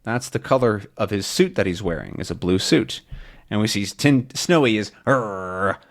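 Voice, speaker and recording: A man's voice: fairly low pitch, normal speed. A man who is an English teacher, explaining a comic for learners and often rephrasing his words. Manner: animated, repeats and rephrases.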